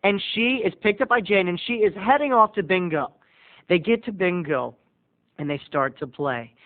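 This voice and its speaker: A man's voice: sits high, normal speed, narrow, tinny audio. A man telling a comic family story in a theatrical, dramatic vlog style. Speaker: video blogger.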